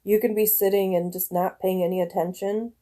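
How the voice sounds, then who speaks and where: She's a live-stream host in her 40s from northern Michigan, talking casually and ramblingly with viewers from home, with plenty of laughter. Her mid-range voice is mellow and fairly even, delivered briskly.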